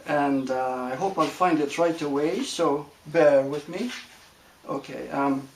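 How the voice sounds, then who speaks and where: A man giving a reflective spiritual talk to a group, gentle and unhurried, often repeating phrases and checking that listeners follow. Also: a little high. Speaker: spiritual teacher. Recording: roomy echo with faint ambient noise.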